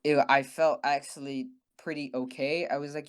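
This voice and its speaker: A young man co-hosting a podcast, telling a story in a casual, animated, profane way and acting out the people he quotes. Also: on the high side, moderate pace, smooth. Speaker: podcast co-host.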